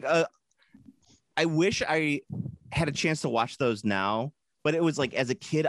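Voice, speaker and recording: Rambling, animated man co-hosting a podcast. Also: mid-range voice. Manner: rambling, animated, puts on silly voices. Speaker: podcast co-host. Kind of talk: casual chat.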